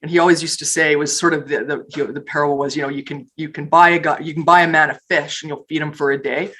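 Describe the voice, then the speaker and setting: A woman on a panel, telling lively stories from her reporting career, with frequent restarts. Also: low voice, fast, poor audio. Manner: animated storytelling with restarts and laughs. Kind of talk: panel discussion, personal anecdotes.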